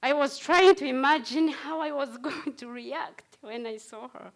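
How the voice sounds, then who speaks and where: Slow, high-voiced woman testifying. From Rwanda. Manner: halting, speaks in short broken phrases. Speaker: survivor giving testimony at a commemoration. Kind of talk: personal testimony speech.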